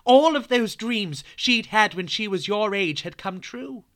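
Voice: medium pitch, lively intonation, measured pace, few pauses, fairly bright tone. A children's podcast host, telling a true story in a playful way and speaking straight to young listeners.

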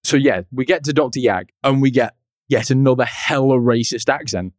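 A man of middle pitch co-hosts a laid-back podcast, walking through a cartoon episode scene by scene. He tells it like an anecdote, chatty and quick to laugh at his own asides. The voice sits close and dry, with no room sound. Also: no echo. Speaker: podcast co-host. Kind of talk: casual chat recapping a cartoon episode.

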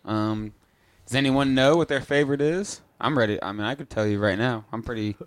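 A man's voice: medium pitch, a little fast, no echo. A man co-hosting a casual podcast chat, laid-back, swearing freely and leading the round of opinions. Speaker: podcast co-host.

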